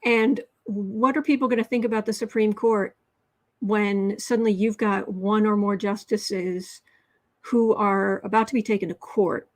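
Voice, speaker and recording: A woman's voice: medium pitch, fairly even intonation, a little slow, poor audio. A woman hosting a casual livestream tarot reading, chatty, with frequent restarts as she reads viewer comments aloud.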